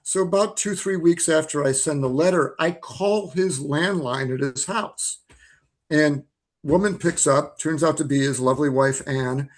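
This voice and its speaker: A man in his sixties joins an interview by video call and tells stories with lively energy. His voice sits a little higher than most men's, and he talks in a warm, chatty flow. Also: a little slow. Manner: lively, animated storyteller. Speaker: filmmaker guest. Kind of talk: storytelling interview answers.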